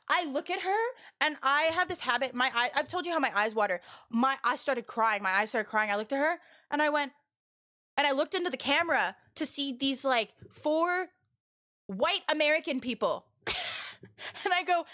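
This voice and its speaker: A young woman streamer chats with her viewers in a high, bright voice. She tells stories with lots of animation, breaking into laughter and tripping over her own restarts. It is casual and spoken straight to chat. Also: animated, moderate pace.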